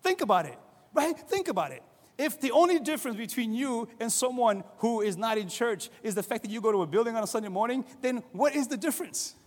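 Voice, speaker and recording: A middle-aged man preaching a sermon as a pastor, conversational and animated, acting out quoted voices. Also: extremely high pitch, quick pace, few pauses, long reverb tail.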